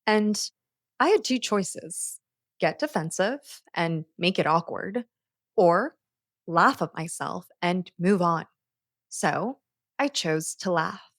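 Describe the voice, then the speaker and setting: A woman hosting her own self-help podcast, telling a personal story in an animated way and laughing at herself as she goes. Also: fairly low pitch, takes it slowly, no room sound, studio quality. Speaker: podcast host.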